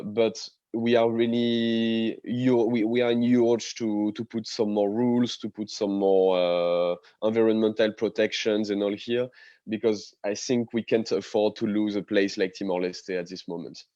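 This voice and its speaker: A man with a low, mellow voice speaks over a dull, muffled video call line that sounds dry and close. He talks casually as a panel guest, halting often on fillers but staying enthusiastic. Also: fairly even intonation, no room sound. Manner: hesitant, many fillers, enthusiastic. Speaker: diving instructor and panelist.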